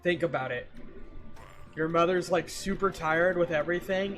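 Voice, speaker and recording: A man streaming and chatting casually with viewers, ranting in an animated, exasperated way and repeating himself for emphasis. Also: a little high, normal speed, soft background music. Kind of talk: casual livestream chat with viewers.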